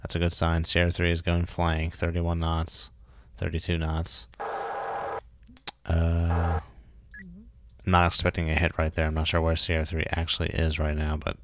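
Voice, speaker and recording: A man's voice: low-pitched, completely flat delivery, moderate pace, noisy background. A man casually thinking aloud while streaming a game, muttering and joking at himself. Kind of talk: casual live gameplay commentary.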